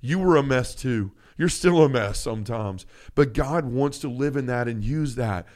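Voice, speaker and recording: A man's voice: mid-range voice, normal speed, a little mellow. An earnest man in his thirties, co-hosting a faith podcast, who talks with feeling and often restarts his sentences. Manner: earnest and emotional, many restarts. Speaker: podcast co-host.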